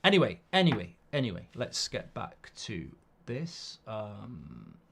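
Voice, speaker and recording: A man's voice: on the low side, wildly swooping pitch, takes it slowly, gravelly, fairly bright tone, slight background noise. A middle-aged man, hosting a football watchalong in a rambling, sweary, casual live-stream chat.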